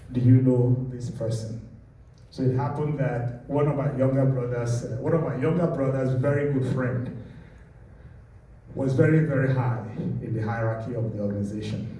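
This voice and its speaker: A Nigerian man in his late fifties, telling a personal testimony in a measured, deliberate way. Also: medium pitch, warm tone, a little hiss or hum. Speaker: speaker giving a personal testimony. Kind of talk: storytelling testimony. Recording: echoey room, distant mic.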